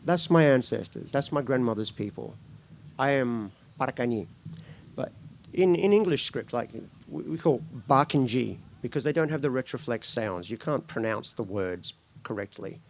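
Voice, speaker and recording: A man from Australia giving a personal spoken-word talk at a gathering, reflective and slow, breaking into laughter between phrases. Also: mid-range voice, lively intonation, slight background noise. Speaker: speaker at a gathering.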